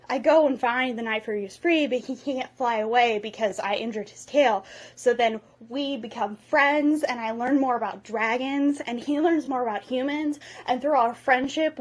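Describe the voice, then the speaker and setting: A young woman with a slightly high voice hurries through a movie plot as a solo comedy bit. She is jokey and self-mocking, breaks off into asides, and ends up a bit breathless. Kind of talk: comic movie retelling, acting all the parts.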